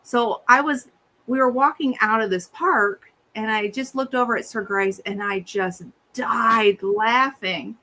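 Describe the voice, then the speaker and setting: A middle-aged woman telling a funny story in a casual chat, her voice bright and slightly high. She talks in an animated way and puts on little voices for the people she quotes. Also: a little slow. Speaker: podcast co-host.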